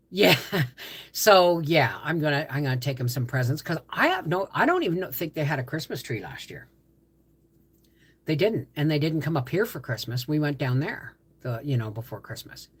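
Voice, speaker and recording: A woman's voice: extremely low pitch, husky. An older woman, hosting a livestream and chatting in a rambling, easygoing way as she answers viewer comments. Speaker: livestream host. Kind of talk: casual livestream chat.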